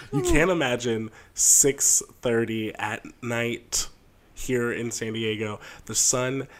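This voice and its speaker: Slow-talking nasal guy. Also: mid-range voice. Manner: laughs often, playful and rambling. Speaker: podcast co-host. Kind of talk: casual chat. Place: sunny room at home.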